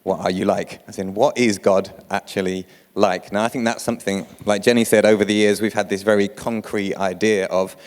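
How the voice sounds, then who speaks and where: A man's voice: lowish voice, a little mellow. A man leading his church in a casual, conversational sermon. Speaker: church leader. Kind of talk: informal sermon. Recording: long hall reverb.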